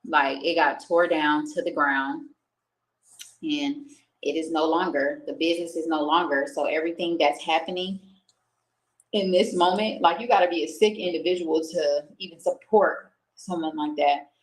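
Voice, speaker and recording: A woman's voice: low voice, fairly even intonation, normal speed, poor audio. A young woman streaming to her viewers, telling a personal story in a candid, emotional way, swearing freely and speaking. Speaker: streamer recounting a personal experience. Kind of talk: casual chat with viewers. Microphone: home streaming setup.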